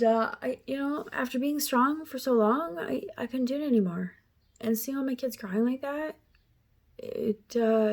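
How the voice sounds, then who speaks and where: A woman in her thirties speaks candidly about a painful stretch of her life, her voice mid-pitched and plain. She talks emotionally, with small laughs slipping in at the hardest moments, and her words come unpolished and direct. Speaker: speaker sharing personal story. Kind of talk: personal storytelling.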